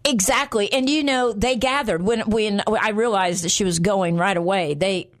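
A woman hosting a Christian radio talk show, telling personal stories earnestly and slowing down on key words. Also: mid-range voice. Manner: earnest, slows down for emphasis.

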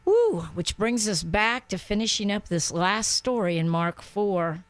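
A woman's voice: mid-range voice, expressive, a little slow, no room sound. A woman pastor hosting a Christian talk show, exuberant and full of praise exclamations.

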